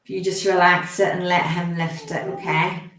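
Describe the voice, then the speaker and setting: A woman working as a medium, talking haltingly and gently reassuring the sitter, often asking permission. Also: on the low side, little pitch movement. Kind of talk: live mediumship demonstration. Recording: roomy echo.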